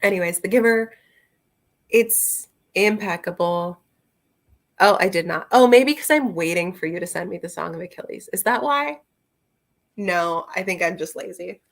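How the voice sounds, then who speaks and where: A woman's voice: lowish voice, expressive, normal speed. A woman chatting casually about books on a livestream, laughing often and answering her viewers. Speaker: book reviewer. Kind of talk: casual livestream book chat.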